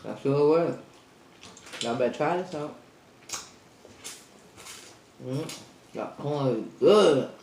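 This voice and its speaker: Mukbang host woman, slow chatty talk between bites, a bit out of breath, echoey room, faint hiss behind. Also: low voice, darkish tone. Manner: chatty, addresses viewers as y'all, eats between lines. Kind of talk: casual eating show chat.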